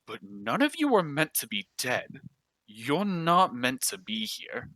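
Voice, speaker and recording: A man playing a friendly, middle-aged god of death, gentle and apologetic, a little lost for answers. The tone is bright and clear. It sounds close and dry, with no room sound. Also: mid-range voice, big pitch swings, unhurried, no echo, low-quality recording. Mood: explaining.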